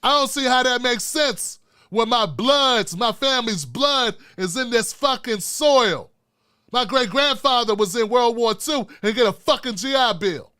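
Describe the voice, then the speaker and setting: A male host tearing through a heated, profanity-laced political rant. His voice sits very high with a bright, forceful edge. The sound is dry and close, with no room to speak of. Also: animated, a little slow, clean tone, no room sound. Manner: profane, heated, swears constantly.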